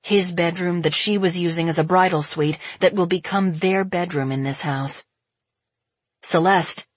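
A woman narrating a novel as an audiobook, in a calm, even storytelling manner. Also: lowish voice, normal speed, dry recording. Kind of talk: scripted narration.

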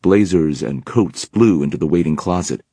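A man narrates an audiobook in a steady storytelling manner. His voice is very deep and husky. The recording is dry, with no room sound. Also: moderate pace, no room sound.

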